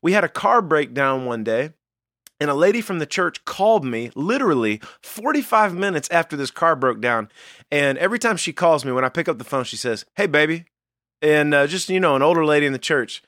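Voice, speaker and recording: Lively earnest man, dry mic. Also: fairly high pitch, brisk, dry recording. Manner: earnest storytelling, animated. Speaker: podcast co-host. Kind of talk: casual faith podcast chat.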